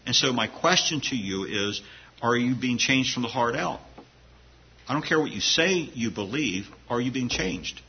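A man's voice: medium pitch, animated, normal speed, slightly rough, muffled recording. A man preaching a sermon to his congregation in an earnest, conversational way, often restarting his phrases. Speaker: pastor.

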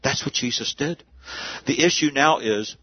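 Husky-voiced man preaching conversationally. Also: mid-range voice, unhurried, no echo, dull audio. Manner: conversational preaching, asks and answers his own questions. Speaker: pastor. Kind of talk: sermon.

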